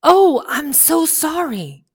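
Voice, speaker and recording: A woman's voice: fairly high pitch, lively intonation, a little slow, mellow, breathy edge, pitched above the performer's own voice. A woman voicing a curious, polite young girl in a storybook reading, talking earnestly. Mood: apologetic. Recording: long hall reverb.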